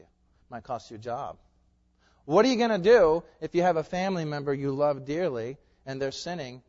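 A man's voice: medium pitch, a little mellow. A male pastor preaching a sermon, emphatic and pleading, with many rhetorical questions. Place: church sanctuary. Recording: dull sound with long hall reverb.

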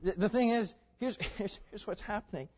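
Male preacher, higher-pitched voice, dull sound that rings in a long hall reverb. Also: moderate pace. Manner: animated, rising to loud emphatic peaks, laughing asides. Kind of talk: sermon.

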